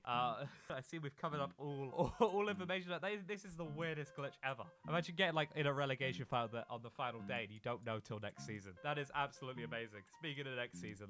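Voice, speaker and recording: A young man giving swearing, excitable commentary while playing a football video game, swinging from loud outbursts to quiet muttering. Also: mid-range voice. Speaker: gaming YouTuber.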